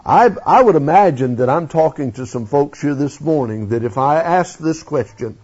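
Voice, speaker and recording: A man preaching a folksy, animated sermon in church, questioning his congregation. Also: a little high, normal speed, few pauses, slightly rough. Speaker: pastor. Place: church sanctuary. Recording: dull lo-fi sound.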